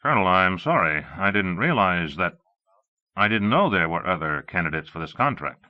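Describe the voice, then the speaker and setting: A man reading a shaken software boss. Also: deep voice, very animated, normal speed. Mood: anxious. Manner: anxious, shaken. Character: tense, ambitious male software company founder. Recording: dull lo-fi cassette audio.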